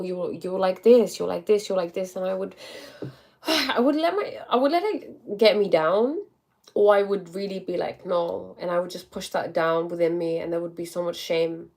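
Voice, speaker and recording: A woman's voice: fairly low pitch, gravelly, a little mellow. Chatty young woman with a blocked nose. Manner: chatty, many likes and quick acted-out quotes. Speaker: livestream host. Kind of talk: casual livestream chat.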